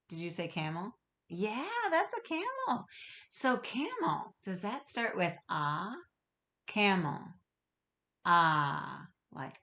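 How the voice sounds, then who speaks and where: Middle-aged woman teacher, lowish voice, patient and encouraging video lesson for little kids. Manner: gentle, slow, encouraging, asks the kids questions. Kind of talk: recorded video lesson for young children.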